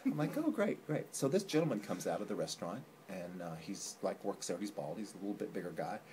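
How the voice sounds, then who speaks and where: A man's voice: deep voice, animated, quick pace, a little mellow, slight background noise. A man co-hosting a casual vlog, telling a rambling, joking story, filmed on a phone at home. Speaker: vlog co-host. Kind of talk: casual chat. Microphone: phone camera.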